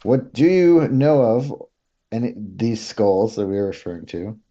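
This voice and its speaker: A man's voice: lowish voice, lively intonation, a little slow, warm tone, highs cut off. A man voicing a polite male envoy for a mayor, formal and stumbling over his words. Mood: earnest. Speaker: player.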